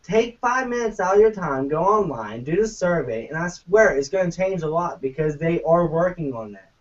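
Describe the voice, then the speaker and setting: A man's voice: on the high side, lively intonation, moderate pace. A man co-hosting a gaming podcast, ranting casually and profanely. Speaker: podcast co-host. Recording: muffled lo-fi, distant from mic.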